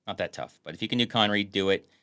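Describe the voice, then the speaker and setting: A man's voice: lowish voice, rapid-fire, bright, forceful tone, no room sound, clean studio sound. A man co-hosting a casual podcast, bantering and joking about a movie. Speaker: podcast co-host. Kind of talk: casual chat.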